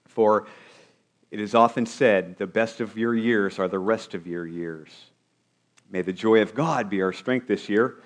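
Male pastor, lower register, preaching a New Year sermon to his church. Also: unhurried. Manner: preaching with rhetorical questions to the congregation.

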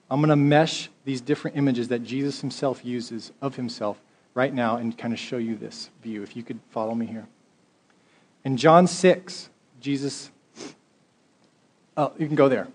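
A male pastor with a medium-pitched voice preaches a sermon, reading scripture aloud and building conversationally to emphatic exhortation.

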